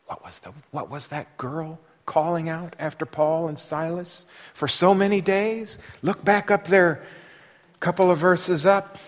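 A man delivering a sermon with a fairly high voice that rings out through a long hall reverb. He poses rhetorical questions to his listeners and swings between hushed asides and loud, forceful passages. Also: fairly even intonation, a little slow. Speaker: preacher.

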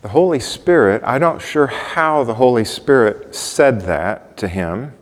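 A man preaching a sermon in a relaxed, conversational way, often putting questions to the congregation. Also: medium pitch, unhurried. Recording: long reverb of a large hall.

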